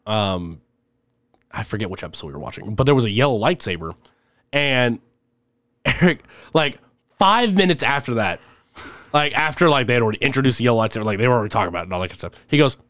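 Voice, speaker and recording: A man's voice: mid-range voice, quick pace, long pauses, dry recording. Rambling, laughing young man. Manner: rambling, laughs often, animated when telling stories. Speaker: podcast guest. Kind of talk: casual storytelling chat.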